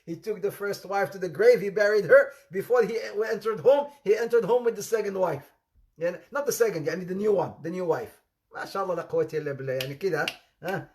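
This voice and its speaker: A man giving an informal sermon, telling anecdotes in an animated way with laughter and repetition. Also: sits high, a little fast. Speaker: Islamic preacher.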